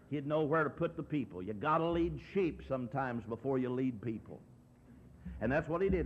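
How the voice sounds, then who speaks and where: Man, preacher, storytelling sermon, acts out quoted voices, slightly high voice, dull lo-fi recording.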